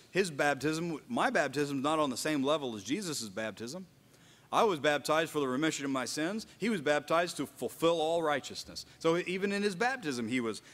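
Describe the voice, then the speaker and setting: A man's voice: on the high side, fairly bright tone, big-room sound. A man preaching a sermon at a house church, earnest, often repeating and restarting his phrases and rising for emphasis. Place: house church meeting room.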